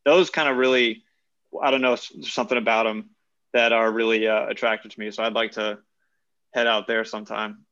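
A man's voice: fairly low pitch, flat delivery, a little fast, sharp tone, lo-fi sound. A young adult man co-hosting a podcast, chatting casually in a thoughtful, wordy way. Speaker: podcast co-host. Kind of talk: casual chat.

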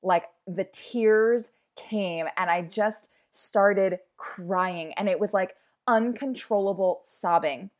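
A woman's voice: medium pitch, takes it slowly. A woman in her thirties hosting her own podcast, talking candidly and emotionally in a casual, chatty way full of "like"s. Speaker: podcast host. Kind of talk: casual personal podcast monologue.

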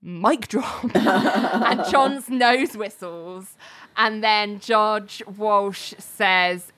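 A woman's voice: medium pitch, drawn-out words, fairly bright tone. Woman co-host retelling an episode in loose, chatty, giggly storytelling. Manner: chatty storytelling, many fillers, frequent laughter. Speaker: podcast co-host recapping a TV episode. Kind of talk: casual chat.

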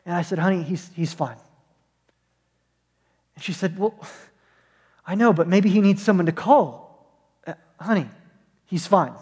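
A pastor with a high, slightly mellow, husky voice delivers a sermon for an online church service, speaking a bit slowly with frequent pauses and a long reverb tail. He tells a story and acts out the voices of the people in it.

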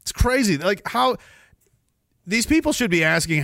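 A man's voice: sits high, sing-song, normal speed, creaky, a bit bright, no room sound, studio quality. A man hosting a podcast, delivering rambling political commentary in a sarcastic, profane way. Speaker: podcast host. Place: Canada.

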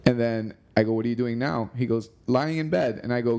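A man's voice: medium pitch, brisk, hardly any pauses, mellow. A man chatting casually as host, easygoing, swearing now and then and often saying "you know.". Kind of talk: casual chat.

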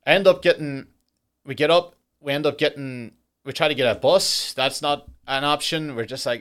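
A young man talks alone into a podcast mic, ranting about a miserable trip in a voice of ordinary pitch. He swears constantly and drifts into exaggerated dark jokes. The delivery is loose, exasperated storytelling. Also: moderate pace. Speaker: podcast host. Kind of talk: solo podcast monologue.

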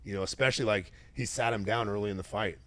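Lively middle-aged man telling fight stories. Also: on the low side, fast. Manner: animated storyteller, acts out quoted voices. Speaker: host, retired fighter. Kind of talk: casual interview chat.

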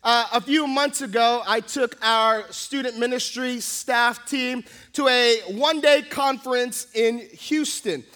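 Pastor, male, delivering a lively sermon story; voice sits unusually high. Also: a little slow, few pauses. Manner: animated storytelling, acting out the scenes.

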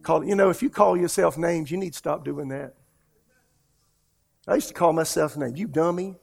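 A man preaching a sermon as pastor, telling stories and swinging between hushed lines and loud, emphatic ones. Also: a little high, normal speed, creaky, slightly rough.

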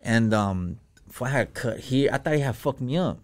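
A man speaks as a podcast guest, telling his story in loose, slangy talk. He swears often and pads his sentences with fillers. His voice sits at an ordinary middle pitch. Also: animated, normal speed. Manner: slangy and profane, full of fillers. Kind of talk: casual storytelling.

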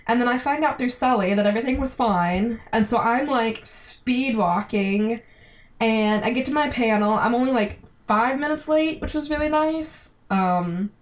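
A woman's voice: fairly high pitch, normal speed. Chatty woman telling a story. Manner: chatty storyteller, many fillers. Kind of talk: casual chat.

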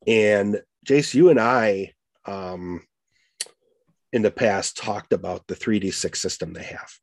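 A man with an American Midwest accent hosts a podcast interview in a casual chat, talking haltingly with many fillers and restarts. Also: on the low side, no echo. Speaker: podcast host.

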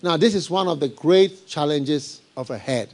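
A middle-aged man preaching a live sermon, animated and laughing, firing rhetorical questions at his congregation. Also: on the high side, moderate pace. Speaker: pastor.

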